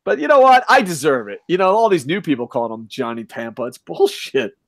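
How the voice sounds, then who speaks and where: A man co-hosting a casual podcast, ranting loudly with lots of swearing. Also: on the high side, big pitch swings, fairly quick, dry recording. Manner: loud, profane ranting. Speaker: podcast co-host.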